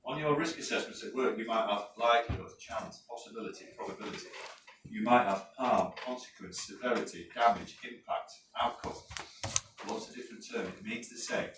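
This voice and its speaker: A man with a northern English accent teaching a safety course, chatty and quizzing his class with quick questions. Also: mid-range voice. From North of England. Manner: chatty, asks the class questions and checks in with "right?". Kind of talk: classroom lecture with anecdotes. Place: training classroom. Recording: roomy, distant mic with faint noise.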